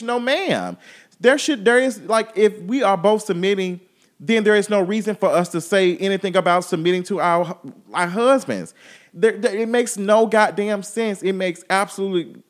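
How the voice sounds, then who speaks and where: Guy ranting hard on his podcast, kinda high voice, swearing nonstop. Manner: loud, exasperated, heavy swearing. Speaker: podcast host. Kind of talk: profane comedic rant.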